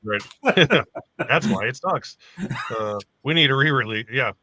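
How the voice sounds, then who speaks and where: A man's voice: medium pitch, animated, a little slow, bright, forceful tone, slight background noise. A man hosting a casual livestream about collecting films, laughing often and reading viewer comments. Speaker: host of a film collectors' show.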